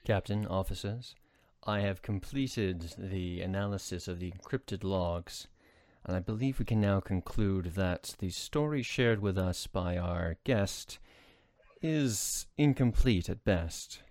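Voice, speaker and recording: A man's voice: low voice, takes it slowly, darkish tone, no echo. A man playing a precise, analytical male starship officer giving a formal report. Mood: measured.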